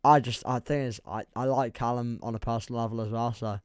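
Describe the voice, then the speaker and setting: A man's voice: medium pitch, steady tone, brisk, clear, resonant tone, dry recording, studio quality. A young man with an English accent chatting casually on a football livestream, rambling and laughing as he reads the chat. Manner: rambling, self-deprecating, reads chat aloud, laughs often.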